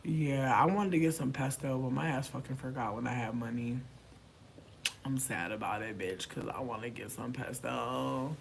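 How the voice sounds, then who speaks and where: A man chatting casually to camera, animated and profane, swinging from loud outbursts to mumbled asides. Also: medium pitch, normal speed, vocal fry, slight background noise. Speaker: vlogger.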